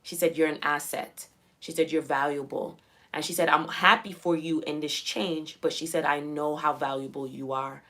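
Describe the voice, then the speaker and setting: A young woman speaks straight to her viewers in a casual motivational vlog. Her voice sits slightly low but rings bright and forceful. She talks emphatically, repeating key phrases and acting out her own inner thoughts. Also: fairly even intonation, normal speed. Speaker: self-development vlogger. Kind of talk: casual motivational talk to camera.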